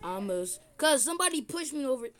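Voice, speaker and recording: A woman's voice: high-pitched, very animated, fast. An older woman giving playful, teasing commentary while playing a game with her family, recorded on a phone. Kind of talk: casual gameplay commentary. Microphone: phone screen recording.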